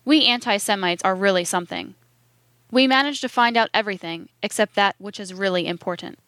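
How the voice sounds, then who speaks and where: A woman's voice: mid-range voice, fairly quick, fairly bright tone, no echo, studio quality, close to an everyday voice. A woman reading the lines of a stern older man who lectures a friend emphatically. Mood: lecturing. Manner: emphatic, declaiming.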